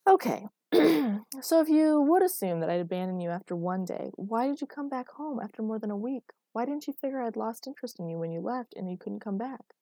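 A woman's voice: a little high, expressive, brisk, dark tone, dry recording, studio quality, pitched above the performer's own voice. A woman reading aloud, voicing an intense, protective young man who speaks emphatically. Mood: insistent.

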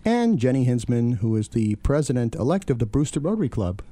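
A man's voice: mid-range voice, sing-song, brisk, warm tone, dry recording. Hammy man hosting a radio talk show. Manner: playful, hammy announcer delivery.

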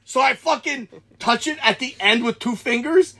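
A young man with a husky voice telling a rowdy story in casual chat, swearing freely and shouting out the quoted lines. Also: very high-pitched, normal speed. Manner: animated, swears a lot, shouts when acting out quotes.

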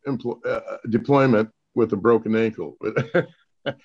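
A middle-aged man talking as a podcast guest, halting and self-deprecating. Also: lowish voice, a little mellow, husky, highs cut off. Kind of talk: casual chat.

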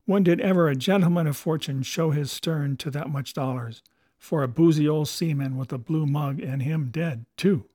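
A man voicing a blustering old one-legged pirate captain who talks in gruff sea-dog dialect. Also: fairly high pitch, moderate pace, dark tone, dry recording, studio quality, lightly acted. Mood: defiant.

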